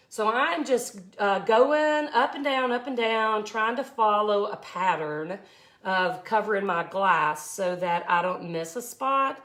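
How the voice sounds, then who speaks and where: A woman's voice: medium pitch, expressive, moderate pace, fairly bright tone. A woman, chatting effusively as she teaches a live glass art tutorial. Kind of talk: casual live tutorial chat.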